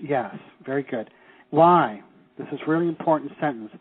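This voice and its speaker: A man leading a teleseminar, coaching listeners through phrases and slowing down to stress key words. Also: a little high, husky, dry recording. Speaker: seminar leader. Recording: tinny phone line.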